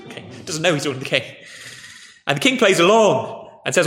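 A man preaching a sermon, telling a story in a relaxed conversational way and speaking to the children too. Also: fairly high pitch, a little fast, soft background music. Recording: echoey hall with faint ambience.

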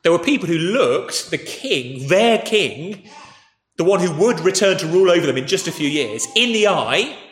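A man preaching a sermon, telling a story in a relaxed conversational way and speaking to the children too. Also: high voice, moderate pace. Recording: echoey hall with faint ambience.

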